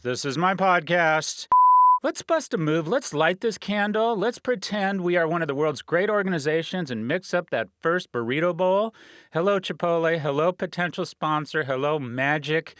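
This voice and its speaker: A middle-aged man hosting his podcast in a comedic monologue, swinging from grand announcer tones to low, wry asides. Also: dry recording. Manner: bombastic, self-mocking, swings from loud announcer to low aside. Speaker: podcast host.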